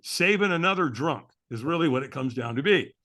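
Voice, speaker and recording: Bright-voiced man telling his story earnestly. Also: fairly high pitch, lively intonation, fairly quick. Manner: earnest, candid, often adds "man". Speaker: guest. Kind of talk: personal storytelling in an interview.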